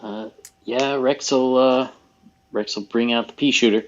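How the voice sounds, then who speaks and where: A man's voice: mid-range voice, fairly even intonation, unhurried. A man playing in an online tabletop game, offhand and hesitant. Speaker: player. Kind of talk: casual chat in a tabletop game. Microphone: video call. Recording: dull lo-fi call audio.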